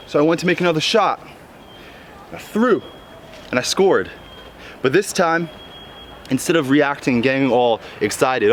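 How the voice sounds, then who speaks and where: A man telling personal stories in a reflective vlog, earnest, moving between calm musing and bursts of excitement, recorded outdoors in a park. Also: mid-range voice. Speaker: vlogger. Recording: music playing over the voice.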